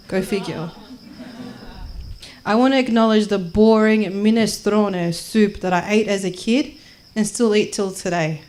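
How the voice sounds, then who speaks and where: A woman's voice: medium pitch, darkish tone. A woman in her twenties with an Australian accent doing brash, jokey stand-up comedy and spoken word, live in a small venue. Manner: brash, jokey, acts out the people she quotes. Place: small performance space.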